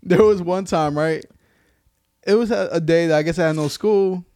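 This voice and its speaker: Young Brooklyn man, podcast co-host, teasing and casual, fairly high voice, dry close sound. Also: normal speed, a little mellow, dry recording. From Brooklyn, New York. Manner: joking, brings up topics, teases. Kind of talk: casual chat.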